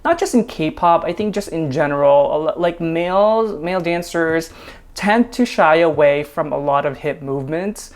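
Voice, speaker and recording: A man hosting a casual dance reaction video, chatty, laughing often and filling pauses with ums. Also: fairly high pitch.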